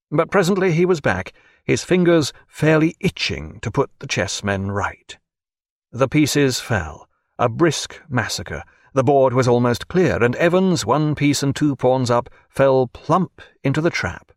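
Expressive male audiobook narrator. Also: mid-range voice, measured pace, no room sound, studio quality. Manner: expressive, varied storytelling. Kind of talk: scripted narration of a novel.

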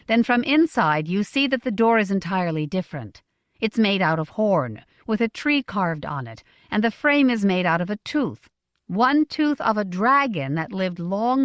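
A woman's voice: medium pitch, dry recording, clean studio sound. A woman voicing a big, strong, earnest young village woman in an audiobook, eager and wondering. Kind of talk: audiobook character voice.

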